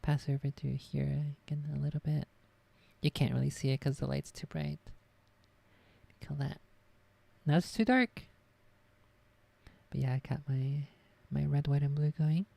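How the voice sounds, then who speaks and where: A woman's voice: deep voice, a little slow, vocal fry, long pauses, dark tone, dry recording. A woman streaming from her desk at home, chatting casually and rambling offhand. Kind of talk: casual live-stream chat.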